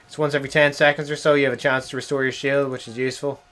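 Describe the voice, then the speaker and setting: A young man, streaming a game and chatting casually, swearing and yelling at the game. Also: medium pitch, flat delivery, very fast, faint music behind. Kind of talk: casual live-stream commentary.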